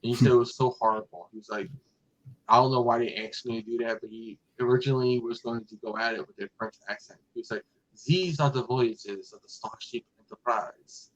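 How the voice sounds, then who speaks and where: A man's voice: mid-range voice, little pitch movement, fast, muffled recording. A man hosting a casual fan podcast, talking in a rambling way with lots of fillers and restarts. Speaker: podcast host.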